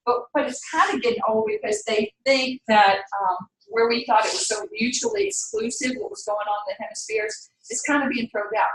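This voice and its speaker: A woman's voice: a little high, expressive, a little fast, hardly any pauses, background noise. An older woman with a Southern US accent lecturing a class in a chatty, digressive way, laughing often. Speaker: teacher. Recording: roomy, distant classroom mic.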